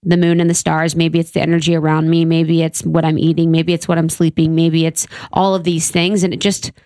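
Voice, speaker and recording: A woman's voice: sits low, level tone, fairly quick, a little mellow, dry recording. A woman host in casual podcast chat, musing reflectively on spiritual things.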